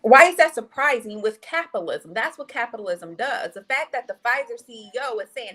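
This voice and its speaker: Woman doctor, podcast guest, emphatic, assertive, fairly high voice. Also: animated, a little fast, hardly any pauses, a bit bright, husky. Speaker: physician guest. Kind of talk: podcast discussion.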